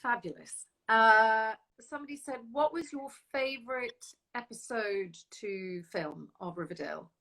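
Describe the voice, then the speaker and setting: Woman, high pitch, very bright tone, enthusiastic interview host. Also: unhurried, hardly any pauses, soft background music. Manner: enthusiastic, reads out viewer questions. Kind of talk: casual video interview.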